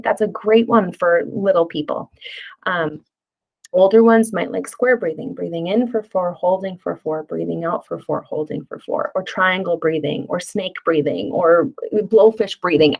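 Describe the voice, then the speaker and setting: A woman's voice: medium pitch, vocal fry, low-quality recording. A middle-aged woman presenting a parenting workshop in a friendly, conversational way, with fillers and playful acted-out asides. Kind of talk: casual spoken workshop lesson.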